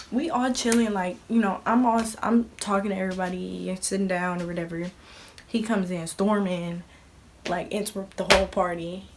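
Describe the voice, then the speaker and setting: A woman's voice: on the low side, slight background noise. A young woman from Belize, a vlogger telling a casual story and acting out the quoted lines of family members. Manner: chatty, acts out quoted dialogue, many fillers.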